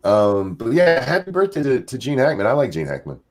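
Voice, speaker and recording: A man hosting a livestream chat, reading viewer comments aloud and swinging between loud jokes and mumbled asides. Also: mid-range voice, wildly swooping pitch, a little fast. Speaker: livestream show host.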